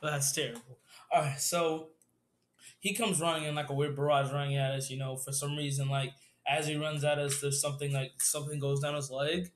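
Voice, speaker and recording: Guy rambling thru a made-up zombie story, kinda high voice, laughing a lot, echoey room. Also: level tone, a little fast, slight background noise. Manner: rambling, laughing, filler-heavy. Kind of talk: improvised collaborative story.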